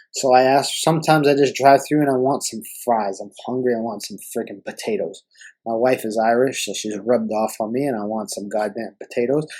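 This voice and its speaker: A man's voice: medium pitch, darkish tone, low-quality recording. A young man hosting a podcast, ranting in an exasperated, profane way. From Canada. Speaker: podcast host.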